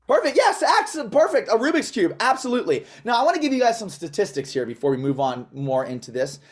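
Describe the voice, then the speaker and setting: A man's voice: on the high side, expressive, fast talker. A man performing as a magician, talking through his tricks in showy, self-mocking patter and chatting with volunteers. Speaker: magician performing for a live audience.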